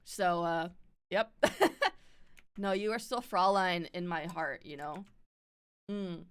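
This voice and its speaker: A woman's voice: lowish voice, slow pace, clean tone. A woman with a standard North American accent and a slight lisp, chatting casually with live viewers, loose and filler-heavy, swearing now and then. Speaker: streamer.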